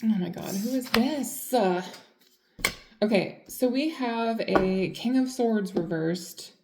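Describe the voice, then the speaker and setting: A woman's voice: mid-range voice, takes it slowly, dark tone, echoey room, slight background noise. A woman giving a casual tarot reading, chatty and blunt, full of fillers. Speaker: tarot reader.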